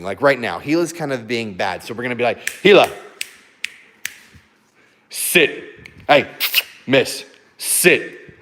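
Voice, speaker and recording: Lively young man vlogging about his dogs. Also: medium pitch. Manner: animated and loud at times, talks to his dogs mid-sentence. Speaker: vlogger, husky owner. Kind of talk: casual chat to camera.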